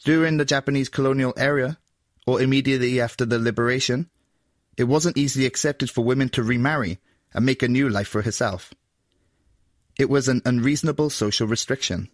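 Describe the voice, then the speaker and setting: A man reading a translated voice-over and narration in a measured, scripted way. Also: mid-range voice, dry recording, studio quality.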